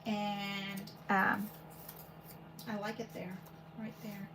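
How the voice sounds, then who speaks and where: A woman's voice: medium pitch, drawn-out words, vocal fry. A woman hosting a paper crafting video, chatting casually and thinking aloud as she works at home. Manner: chatty, rambling, thinks aloud while working. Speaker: paper crafting channel host. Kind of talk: casual craft demo chat. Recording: home recording with steady background noise.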